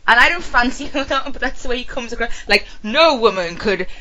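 A woman's voice: high-pitched, fast, bright, forceful tone, a little hiss or hum, low-quality recording. A woman, co-hosting a casual podcast, sweary and sarcastic. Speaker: podcast co-host.

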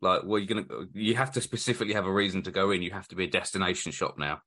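A man's voice: low voice, steady tone, bright, forceful tone. A man co-hosting a podcast, jokey and chatty in a casual conversation. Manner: jokey, quick to laugh.

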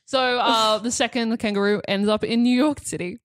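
A woman's voice: fairly high pitch, fairly even intonation, normal speed, no echo, studio quality. A woman co-hosting a casual podcast, recounting a story with frequent laughter and fillers. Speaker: podcast co-host. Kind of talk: casual chat.

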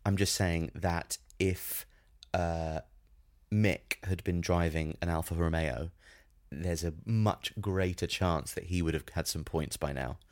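Man, podcast co-host, wry, rambling, very low voice. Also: slow. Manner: wry, rambling, many fillers and restarts. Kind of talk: casual comedic chat.

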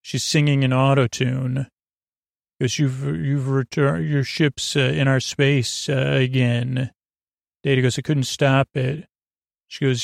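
Slow, gravelly man casually retelling a story. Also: medium pitch, little pitch movement, no echo, clean studio sound. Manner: rambling, many "uh"s and "goes", quotes lines loosely. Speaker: podcast host retelling an episode. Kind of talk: casual sleepy recap.

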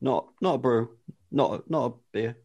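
A man's voice: mid-range voice, moderate pace, a little mellow, breathy edge, muffled recording. A man casually telling a made-up wrestling-style storyline with dry, playful tangents. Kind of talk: casual chat, pitching a joke storyline.

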